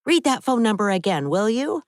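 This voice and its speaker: A woman voicing a harried female friend on the phone who talks quickly and urgently, in an audiobook. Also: medium pitch, sing-song, no room sound, clean studio sound, voice pushed up, natural voice.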